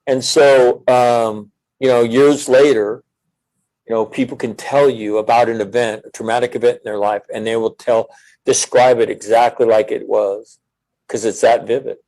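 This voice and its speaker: A man's voice: mid-range voice, steady tone, a little mellow, low-quality recording. A middle-aged man who is a military veteran, talking earnestly and reflectively in a casual podcast conversation. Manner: earnest, reflective, speaks in measured phrases.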